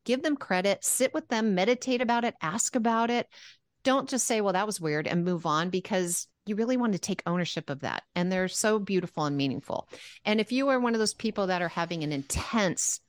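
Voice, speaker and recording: A woman's voice: mid-range voice, expressive, brisk, no echo. A woman co-hosting a spiritual podcast, telling personal meditation stories in an earnest, chatty way and acting out her own reactions. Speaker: podcast co-host. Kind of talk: casual spiritual podcast chat.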